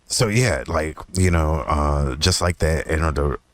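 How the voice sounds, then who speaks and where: On his podcast, a young man with a very deep voice delivers a loose, profane monologue about something that happened to him, talking a bit slowly. Frequent laughter breaks in, and his voice climbs higher whenever he quotes himself, all captured in a close, echo-free recording.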